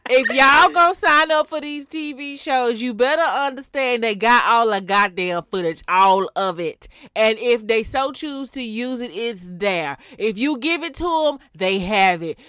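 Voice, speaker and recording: Bright, crisp woman podcast host. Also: fairly high pitch, expressive, unhurried, few pauses, dry recording, clean studio sound. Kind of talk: casual chat.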